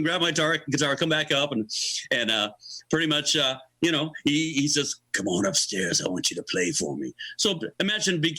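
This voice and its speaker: A man in his sixties, a guest musician, telling a lively story in an interview and acting out the quotes. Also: mid-range voice, low-quality recording. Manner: animated storyteller, acts out quotes, laughs between lines.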